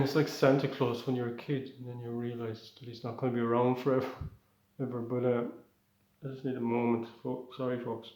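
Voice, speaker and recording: A man's voice: mid-range voice, a little mellow, reverberant. An Irish man doing a rambling, conversational stand-up set. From Ireland. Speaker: stand-up comedian.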